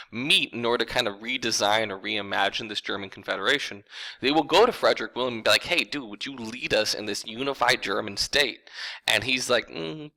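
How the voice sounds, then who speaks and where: Man, history teacher, low-pitched, informal lecture delivery. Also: gravelly, pushed and bright, low-quality recording. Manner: conversational, informal, addresses viewers as folks. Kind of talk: casual recorded lecture.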